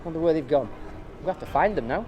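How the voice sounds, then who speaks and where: A man's voice: fairly high pitch, animated, fast talker, muffled recording. A man vlogging a protest on a handheld camera, chatting and joking with passers-by in the street. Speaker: street video blogger filming a protest. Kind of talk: casual chat to camera and to passers-by. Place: busy city street outdoors. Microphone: handheld camera mic. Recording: noisy outdoor crowd recording. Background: crowd and traffic.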